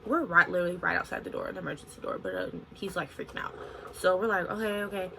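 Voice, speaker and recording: A young woman in her twenties telling a story on her vlog in an animated, expressive way, full of "like". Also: fairly low pitch, fast, gravelly, a little hiss or hum, low-quality recording. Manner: animated, expressive retelling with frequent "like". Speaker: vlogger.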